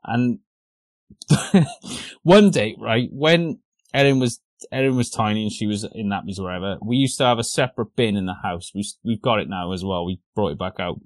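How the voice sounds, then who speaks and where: A man's voice: on the low side, moderate pace, no echo. A man telling a story on a casual podcast. He swears freely and laughs through his story. The sound is dry and close, with no room around him. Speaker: podcast co-host.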